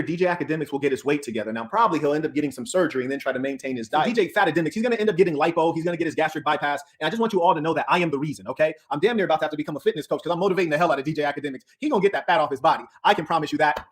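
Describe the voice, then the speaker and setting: A man trash-talks in a taunting, boastful way. He speaks very fast, and his voice sits high. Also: animated. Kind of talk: trash-talking commentary.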